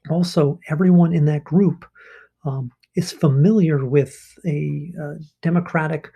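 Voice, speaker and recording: Warm and husky, this rather high male voice belongs to a history teacher giving a recorded online lesson. His style is casual and explanatory, with plenty of ums and rhetorical "rights" as he checks in with listeners.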